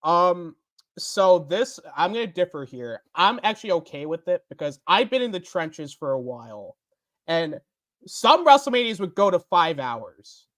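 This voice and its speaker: A man's voice: high voice, very animated, a little slow, fairly bright tone, no room sound, studio quality. A young man co-hosting a casual wrestling podcast, agreeable and full of "like" fillers, often quoting in mock voices. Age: young adult, mentions school. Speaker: podcast co-host.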